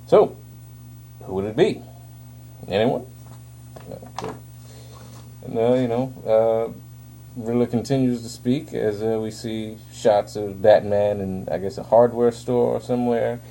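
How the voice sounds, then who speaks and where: A man's voice: lowish voice, steady tone, normal speed, dark tone. A man giving a casual spoken comic book review, hesitant and full of fillers, recorded on a phone. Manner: hesitant, filler-heavy, rambling.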